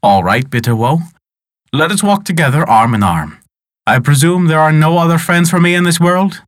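A man playing a humble, timid poor peasant from an old folk tale. He speaks meekly with a lively pitch, in a close, dry recording. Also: moderate pace, dry recording, lightly acted. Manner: humble, meek. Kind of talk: storytelling.

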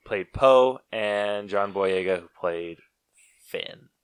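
A man's voice: on the low side, slow pace, smooth, no room sound, studio quality. A man co-hosting a podcast, talking casually and bluntly about a movie and laughing often. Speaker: podcast co-host. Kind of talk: casual movie review chat.

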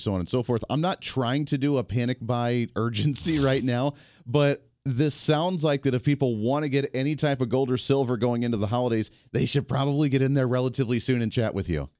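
A man's voice: medium pitch, a little mellow, no echo, clean studio sound. A man hosting a local talk radio show, chatting with his guest and breezing through station breaks and promos. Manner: conversational, quick station breaks and promo reads.

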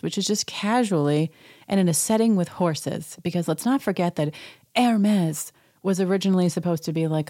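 Host recap: woman, low voice, dry close sound, sarcastic chatty delivery. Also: darkish tone, no room sound. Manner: chatty and sarcastic, acts out quotes in high voices. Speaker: podcast host. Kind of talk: casual reality TV recap.

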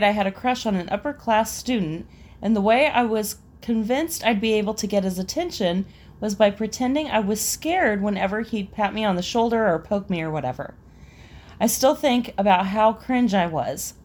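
A young woman casually reading out embarrassing stories and laughing between them. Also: mid-range voice. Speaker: storyteller reading listener stories.

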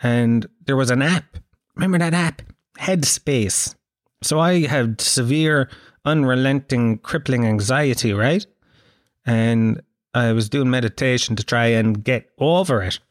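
An Irish man telling a comic, rambling monologue, animated and swearing freely as he asks the listener questions. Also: medium pitch, a little slow, no room sound, clean studio sound. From Ireland. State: occasional cough.

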